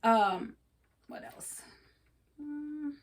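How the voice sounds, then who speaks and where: A woman's voice: high-pitched, expressive, extremely slow, a little hiss or hum. A woman co-hosting a casual chat, giving earnest, coaching advice and laughing often. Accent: regional accent. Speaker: podcast co-host.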